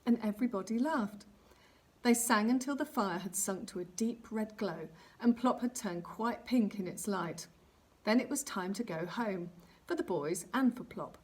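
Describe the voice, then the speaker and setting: A woman reading a children's story aloud, narrating gently and expressively. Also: mid-range voice, animated, normal speed, husky.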